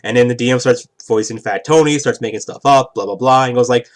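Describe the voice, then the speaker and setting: A man of medium pitch talks fast, casually rambling through the rules of a tabletop game and checking in again and again with "right?".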